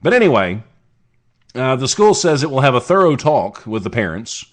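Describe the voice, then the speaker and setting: A man from the States hosts his own show and riffs on strange news with a sarcastic, rambling delivery. His pitch swings widely as he jokes through each story. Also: sing-song, normal speed. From United States. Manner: sarcastic, rambling asides with restarts. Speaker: podcast host. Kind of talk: casual comedic news commentary.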